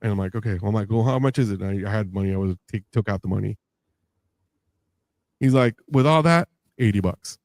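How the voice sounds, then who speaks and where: A man's voice: on the low side, brisk, no echo. A man telling a long anecdote in casual podcast chat, acting out the voices he quotes. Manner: animated storyteller, acts out quoted voices with laughs.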